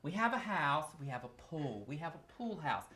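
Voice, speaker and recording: A man reading from his comic memoir, telling the story in an animated, exaggerated way. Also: fairly high pitch, normal speed. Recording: noisy live recording.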